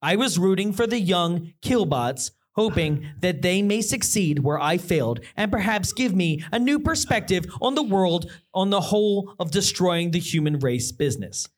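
A podcast host reads out online reviews for comedy. The voice swoops through a lively pitch range. The delivery is mock-dramatic and playful. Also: moderate pace, few pauses. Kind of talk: reading reviews aloud for comedy.

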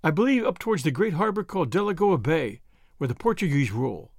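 A man's voice: a little high, sing-song, quick pace, no room sound, studio quality. A man reading the lines of a devoted young woman, earnest and solemn as she makes her vows. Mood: tender.

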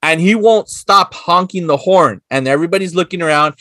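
Podcast co-host, male, high and lively voice, loose and profane, dry close sound. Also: fairly quick, no echo. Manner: animated, swearing, acts out quotes in bursts of Spanish. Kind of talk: casual chat.

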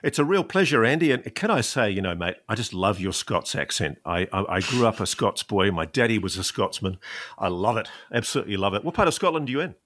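A man talks in an animated interview with a deep, low voice, landing his points with emphasis and a sarcastic edge. The recording is dry and close, with no room sound. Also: fast talker, no room sound. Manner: emphatic, sarcastic, mocking quoted officials. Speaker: investigative journalist guest.

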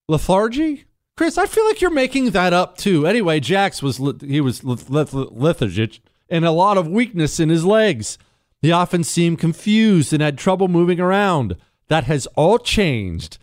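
A man's voice: dry recording, studio quality. A man hosting a talk radio show, ranting in a combative, sarcastic monologue and reading ad copy. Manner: combative, sarcastic, jumps between loud questions and low asides.

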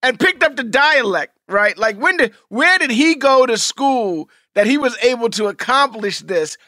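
A man co-hosting a podcast in casual chat, loud and animated, laughing often. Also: very high-pitched, moderate pace, no room sound, studio quality. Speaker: podcast co-host.

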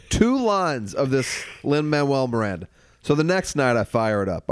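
A man in easy, jokey podcast chatter who keeps laughing and slipping into silly mock singing. His voice is smooth and clean. The sound is dry and close, with no room around it. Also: medium pitch, big pitch swings, moderate pace, no echo. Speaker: podcast co-host. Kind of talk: casual comedic movie chat.

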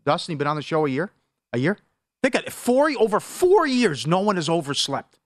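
Animated middle-aged male sports radio host. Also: fairly quick, no echo, clean studio sound. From Superior, Wisconsin. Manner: animated storyteller, big pitch swings. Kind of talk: casual sports talk.

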